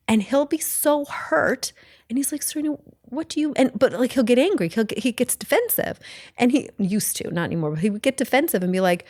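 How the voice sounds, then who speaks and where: A middle-aged woman talks straight into a close mic, blunt and chatty, wandering off and correcting herself as she goes. Her pitch sits in an ordinary middle range, and the sound is dry and close with no room around it. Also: a little fast, darkish tone, dry recording. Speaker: podcast host. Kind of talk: casual solo podcast talk.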